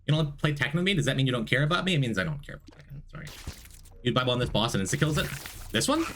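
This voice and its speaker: A male streamer with a bright, forceful voice that swings widely in pitch as he rambles. He chats casually while gaming, joking and answering chat, with faint music under him. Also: expressive, rapid-fire.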